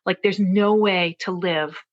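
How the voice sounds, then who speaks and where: Woman in her forties, podcast guest, earnest, reflective, lowish voice, dull lo-fi sound. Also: steady tone, slow pace. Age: 40s. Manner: earnest, reflective, with many restarts and fillers. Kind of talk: personal story told in conversation.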